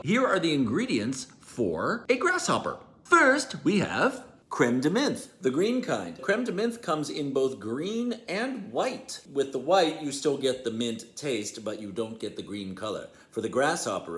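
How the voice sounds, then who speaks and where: A man's voice: medium pitch, fairly bright tone. A man hosting a casual home bartending vlog, chatty and self-deprecating, with playful emphasis. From New York. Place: home bar.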